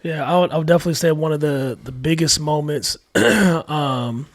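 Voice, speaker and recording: Talking fairly quickly in a higher-leaning voice, a podcast guest opens up about being a dad, telling candid stories packed with fillers like "like" and acted-out quotes. The conversation is casual and heartfelt, recorded dry with clean studio sound.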